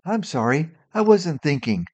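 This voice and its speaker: A woman's voice: sits low, very animated, a little slow, darkish tone, breathy edge, voice pushed up, exaggerated voice. A man voicing a flustered woman sidekick who answers in an apologetic, slightly raised voice in a short audio story.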